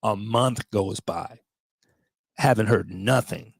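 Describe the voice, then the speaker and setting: A man's voice: fairly low pitch, takes it slowly, gravelly, dry recording. A man in his fifties, a veteran vlogger, tells a story to his viewers in a blunt, profane way, with emotional asides.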